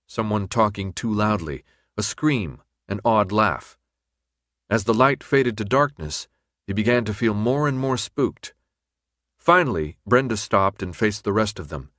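A man reading a novel aloud in even, measured scripted narration. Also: lowish voice, no echo, studio quality. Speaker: audiobook narrator.

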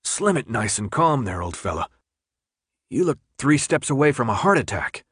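A man's voice: medium pitch, very animated, normal speed, fairly bright tone, slightly rough, no echo, studio quality. A man voicing a tense, sarcastic teenage boy held captive, pushing back at his jailer. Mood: defiant. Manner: sarcastic, defiant.

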